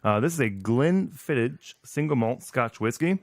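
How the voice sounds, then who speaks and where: A man's voice: medium pitch, expressive, moderate pace, no room sound. A man co-hosting a casual podcast, rambling with many fillers and restarts. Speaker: podcast co-host. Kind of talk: casual chat.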